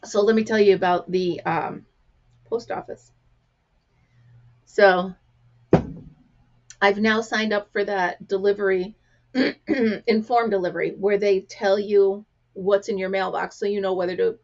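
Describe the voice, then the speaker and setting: A woman with a gravelly voice, chatting casually to camera as a crafting vlog host and acting out the people in her stories. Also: medium pitch, fairly even intonation, a little slow, pauses often, dull audio. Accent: American. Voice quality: gravelly, clears throat often. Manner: chatty storyteller, acts out quotes.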